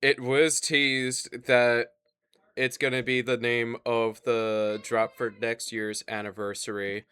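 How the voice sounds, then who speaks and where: A man from the American South co-hosting a casual podcast, telling stories in a relaxed, rambling way. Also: mid-range voice, takes it slowly, clear, resonant tone, dry recording, studio quality. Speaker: podcast co-host.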